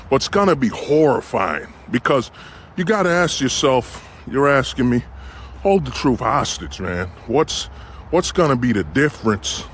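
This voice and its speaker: A man's voice: mid-range voice, a little hiss or hum. A man hosting his own channel, speaking in a rambling, casual commentary style with many fillers. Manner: rambling, many "you know what I'm saying" fillers. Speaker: channel host.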